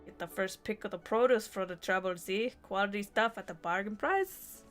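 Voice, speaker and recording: A woman voicing a rough-talking female siren pirate with a slow, folksy seafaring drawl. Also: medium pitch, fairly bright tone, soft background music, close to an everyday voice.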